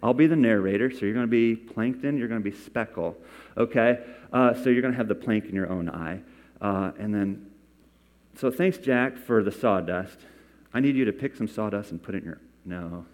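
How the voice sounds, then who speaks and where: Speaking at a moderate pace in a fairly low, darkish voice, a male pastor preaches a sermon that includes scripture reading. His tone is conversational as he coaxes congregation members to volunteer, and a large hall adds long reverb.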